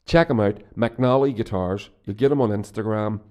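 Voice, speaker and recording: With a lowish, slightly mellow voice at normal speed, a podcast host from Northern Ireland chats casually on his own show. He rambles and swears, frequently restarting what he's saying.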